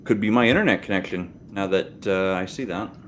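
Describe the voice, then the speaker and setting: Low-voiced man making wry jokes. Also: a little fast, a little hiss or hum. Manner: joking, wry asides. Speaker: podcast co-host. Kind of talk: casual chat.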